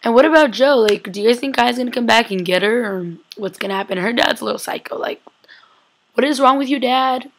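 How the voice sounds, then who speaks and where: A young woman recapping a TV episode in a chatty, excitable way, full of "like" and acted-out quotes. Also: fairly high pitch, quick pace, hardly any pauses. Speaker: vlogger.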